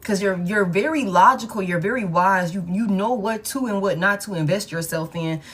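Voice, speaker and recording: A woman's voice: medium pitch, normal speed, a bit bright, breathy edge. A woman giving a casual tarot reading, talking bluntly and with profanity, and repeating key lines for emphasis. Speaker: tarot reader.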